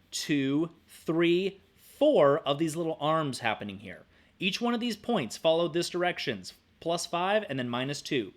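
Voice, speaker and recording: A young man teaching a screen-recorded math lesson in an upbeat, playful way, humming and making little sound effects while he works. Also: on the high side. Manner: upbeat, playful, hums and says "boop" while working.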